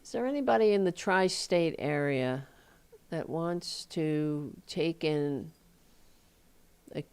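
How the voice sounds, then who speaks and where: A woman talk show host in a heated, profane political rant. She talks slowly and her voice is smooth and clear. Her pitch leaps high whenever she mocks someone. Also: darkish tone. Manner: heated, profane, sarcastic, voice jumping high in mockery. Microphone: desk microphone.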